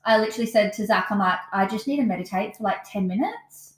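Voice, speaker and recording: Quick chatty aussie woman, swears casually, roomy echo on the mic. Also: medium pitch. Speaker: podcast co-host. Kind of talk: casual chat.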